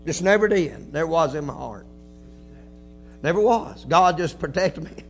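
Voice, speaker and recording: A man preaching a folksy sermon, telling a story quietly, then building to shouted preaching with hallelujahs. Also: on the high side, expressive, normal speed, soft background music. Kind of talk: Pentecostal-style sermon.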